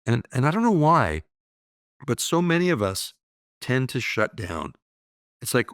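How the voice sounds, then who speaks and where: A man in his sixties, a guest telling upbeat stories of his life in a relaxed conversational way, often adding "you know" and "right?". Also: mid-range voice, measured pace, long pauses, no echo, clean studio sound. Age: 60s. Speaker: guest, business owner. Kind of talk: reflective conversational storytelling.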